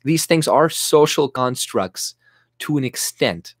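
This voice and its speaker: A man's voice: mid-range voice, lively intonation, slow pace, no echo, studio quality. A man delivering an agitated, profane, sarcastic political rant to camera, often restarting his sentences. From Canada. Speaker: YouTube commentator.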